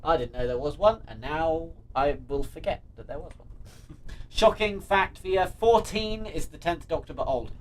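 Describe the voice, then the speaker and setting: A man chatting casually on a live stream, reading viewer comments aloud, excitable and often laughing, swearing freely. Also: on the high side, a little slow. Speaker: streamer answering live chat.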